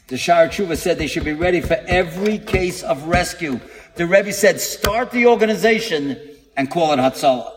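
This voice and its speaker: High voiced guy preaching a story, dramatic, acts out the quotes, big echoey hall. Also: lively intonation, normal speed. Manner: dramatic storyteller, acting out quotes and building to emphatic peaks. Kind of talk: storytelling sermon. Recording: long hall reverb.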